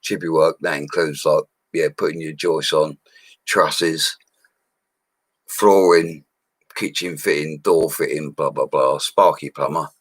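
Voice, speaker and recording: Deep-voiced drunk builder, loud and rambling, on a laptop stream in a dry little room. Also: male voice, husky, dry recording. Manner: rambling, loud and laddish, laughing often. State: drunk, slurring. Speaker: bricklayer streaming to viewers. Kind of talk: drunk casual live-stream chat. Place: small room at home, alone. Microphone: laptop microphone.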